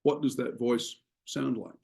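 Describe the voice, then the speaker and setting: A man teaching a class on writing, explaining ideas in a measured way with frequent pauses. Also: mid-range voice, creaky, mellow. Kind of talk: classroom lecture.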